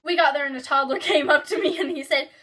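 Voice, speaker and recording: Giggly high-voiced young woman vlogger. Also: quick pace, bright, forceful tone, a little hiss or hum. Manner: giggly, with sudden exaggerated outbursts. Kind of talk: reading her childhood story aloud with commentary.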